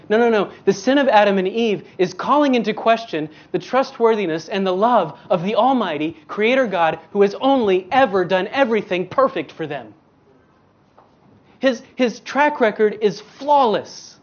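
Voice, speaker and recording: Guest preacher, male, slow and emphatic, leans on rhetorical questions; muffled lo-fi recording. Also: high voice. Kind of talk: sermon.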